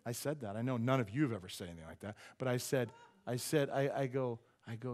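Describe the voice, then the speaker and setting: A male pastor delivering a sermon, with a middle-pitched voice. He tells personal stories with lively energy and swells into fervent, urgent prayer. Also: fast talker. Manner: animated storytelling, rising to fervent prayer.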